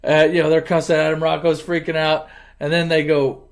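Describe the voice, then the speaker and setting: A man hosting his channel, casually retelling a movie plot in an animated, chuckling, conversational way. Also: fairly high pitch, fairly quick. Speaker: channel host.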